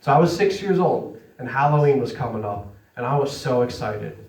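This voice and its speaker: A man's voice: medium pitch, expressive, fairly quick, darkish tone, distant mic, a little hiss or hum. A man doing a stand-up set in a comedy club. He is self-deprecating, laughs through his lines and keeps checking in with the crowd. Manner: chatty and checks in with the audience. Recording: roomy, from away from the mic.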